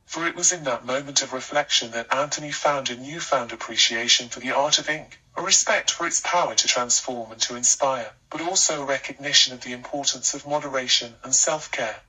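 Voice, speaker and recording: Bright, husky male storyteller. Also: medium pitch, a little fast, hardly any pauses, far from the mic, rough recording. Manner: steady, even storytelling delivery. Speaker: narrator. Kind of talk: scripted narration.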